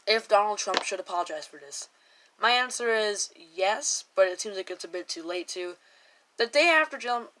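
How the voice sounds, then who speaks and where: Bright-voiced young woman rambling opinions. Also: medium pitch, poor audio. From United States. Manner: rambling, self-correcting, with exaggerated mock quotes. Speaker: commentator. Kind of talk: casual opinion commentary to camera.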